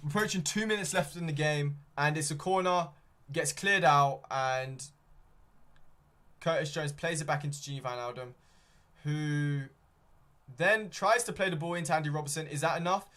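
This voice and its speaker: Streaming a watchalong, a young fan calls a football match play by play, wandering in his speech, saying "um" often, and correcting himself. His voice is a little high and a bit bright, at a moderate pace.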